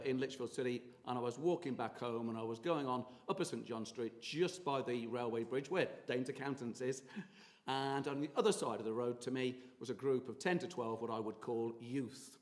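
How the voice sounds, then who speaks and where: A man's voice: mid-range voice, brisk. Chatty man giving a talk in an echoing hall. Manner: chatty, anecdotal, hesitant with fillers. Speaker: tour guide and local historian. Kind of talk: public talk. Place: meeting hall. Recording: reverberant hall from far off.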